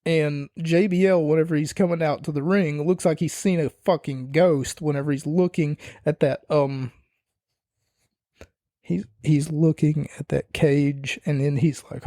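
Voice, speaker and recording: A young man talks through a wrestling-style review in a loose, rambling way, opinionated and quick to swear. His voice sits a little high for a man yet sounds soft and mellow, recorded dry and close with no room around it. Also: no room sound. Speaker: podcast host. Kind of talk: casual wrestling review monologue.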